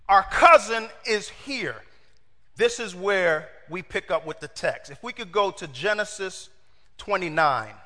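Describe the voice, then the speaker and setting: A middle-aged man preaching a lively storytelling sermon, acting out voices and talking to the congregation. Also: sits high. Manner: lively, acts out quoted voices, talks to the congregation. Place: church hall. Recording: long hall reverb.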